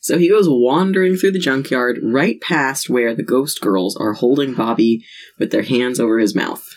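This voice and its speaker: A woman's voice: a bass voice, moderate pace. A woman co-hosting a casual podcast, chiming in with dry asides. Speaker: podcast co-host. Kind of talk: casual chat.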